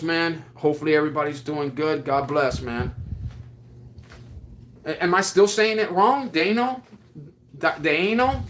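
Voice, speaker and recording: A man on a casual livestream who reads viewer comments aloud and chats in an excitable, slangy way full of restarts. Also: fairly high pitch, a little hiss or hum. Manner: drawling slang with frequent restarts.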